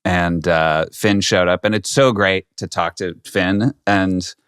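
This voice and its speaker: A man's voice: deep voice, steady tone, slow, a bit bright, clean tone, dry recording, studio quality. A middle-aged man co-hosting a podcast, talking casually and bluntly and telling stories. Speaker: podcast co-host. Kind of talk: casual chat.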